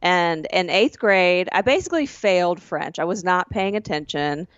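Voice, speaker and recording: A woman's voice: lowish voice, lively intonation, moderate pace, smooth, no echo, muffled recording. A woman co-hosting a podcast, telling a rambling school story in casual chat and correcting herself as she goes. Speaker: podcast co-host.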